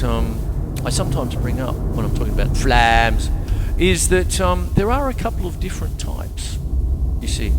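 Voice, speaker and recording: An older man teaching drums in a casual, rambling, jokey way, talking between demonstrations. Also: medium pitch. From Australia. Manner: rambling, jokey, talks between drum demos. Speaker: drum teacher. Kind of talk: casual drum lesson. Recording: reverberant room with drum kit.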